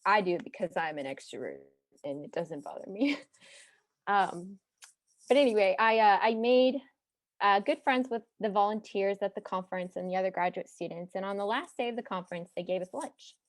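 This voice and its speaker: A young woman from Texas with no regional accent, telling a personal story to an audience in a chatty, animated way with side remarks. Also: mid-range voice, moderate pace, no room sound. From Texas, United States.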